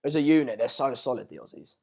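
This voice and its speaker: A young man, hosting a casual live match watch-along, reading out viewer comments in a chatty, rambling way and sounding slightly hoarse. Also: medium pitch, quick pace, a little mellow. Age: late teens. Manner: chatty, rambling, restarts mid-sentence, calls viewers mate and pal. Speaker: live stream host.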